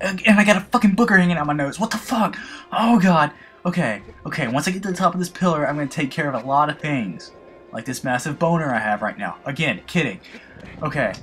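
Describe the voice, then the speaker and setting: Nasal man, slight lisp, excitable let's play commentary, lots of cursing, faint game music behind. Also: a little high. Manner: loud, excitable, heavy swearing and jokes. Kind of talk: live gameplay commentary.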